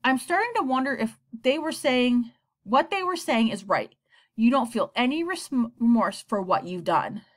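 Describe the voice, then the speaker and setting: A woman voicing a stern middle-aged father who speaks firmly and calmly in an audiobook. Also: fairly high pitch, voice pushed up, lightly acted. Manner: firm, measured. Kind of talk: audiobook character voice.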